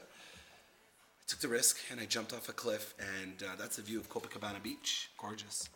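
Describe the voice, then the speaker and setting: A man's voice: lowish voice, fairly even intonation, normal speed, pushed and bright. A man hosting a casual vlog, rambling through travel photos and repeating words. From Canada. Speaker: host.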